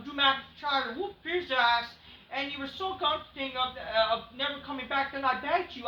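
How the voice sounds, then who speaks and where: A man doing a mocking impression of an excitable older male wrestling manager, pitched high and rambling. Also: echoey room, dull audio, slight background noise.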